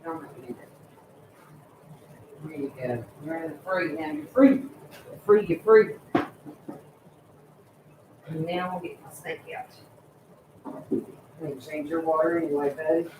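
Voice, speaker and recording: A woman's voice: low voice, steady tone, moderate pace, pauses often, roomy sound, background noise. A woman hosting a casual live stream, loose and swearing freely while she chats with viewers and fusses over her pets. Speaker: livestream host.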